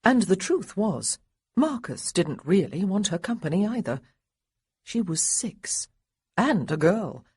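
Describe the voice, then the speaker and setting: Husky, expressive woman audiobook narrator. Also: medium pitch, takes it slowly, dry recording, studio quality. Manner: expressive, lively character dialogue.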